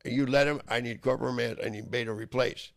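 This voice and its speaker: Gravelly man in an angry rant. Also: mid-range voice, fairly even intonation, fast talker. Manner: heated, profane, rambling, with loud outbursts. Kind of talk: angry ranting monologue.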